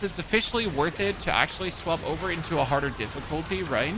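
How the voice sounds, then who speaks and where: A man's voice: a little high, animated, fast talker. A man in his thirties with a German accent, chatting casually and joking with his chat while streaming a game. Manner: chatty, jokey, answers chat. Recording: music playing behind.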